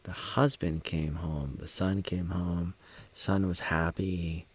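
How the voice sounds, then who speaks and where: A man in his thirties from the United States, working as a video maker, comments on a film in a rambling, joking way, sometimes imitating its characters or humming little tunes. His voice sits low, with a steady tone, a slow pace, and a slightly rough quality.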